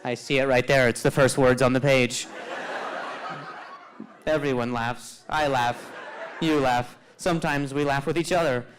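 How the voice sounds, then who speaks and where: A man's voice: mid-range voice, fairly even intonation, measured pace, pauses often, a little hiss or hum, rough recording. A man doing stand-up crowd work on a club stage, riffing playfully with mock exasperation and stammered restarts. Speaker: stand-up comedian. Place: comedy club stage with live audience.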